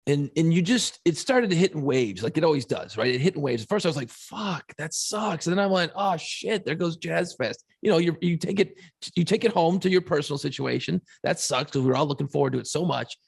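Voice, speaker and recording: A man's voice: a little high, lively intonation, brisk, creaky, husky, no echo, studio quality. A middle-aged man co-hosting a podcast, telling an emotional story with plenty of swearing and quoted reactions. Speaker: podcast co-host and radio host. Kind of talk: casual podcast chat.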